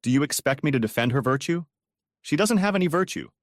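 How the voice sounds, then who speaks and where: A man's voice: fairly high pitch, expressive, fast talker, no room sound, clean studio sound, voice pushed up, close to an everyday voice. A man playing a bitter, heartbroken mechanic who rants and answers coldly, in a storybook audio reading. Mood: angry. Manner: bitter, ranting, clipped. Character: bitter, heartbroken male mechanic, cold then angry.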